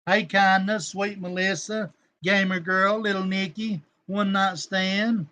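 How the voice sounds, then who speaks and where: Guy on a livestream, high voice, rambling and cussing, picks fights, shouts out his chat. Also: level tone, slow. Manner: rambling, combative, coarse, shouting out viewers by name. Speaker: livestream host. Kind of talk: casual livestream talk to chat viewers.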